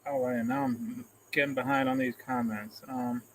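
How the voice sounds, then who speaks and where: A man's voice: mid-range voice, little pitch movement, moderate pace, a bit bright, slight background noise, low-quality recording. A man hosting a casual live stream, reading out comments in a rambling, self-deprecating way and chuckling often, into a phone camera. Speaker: livestream host.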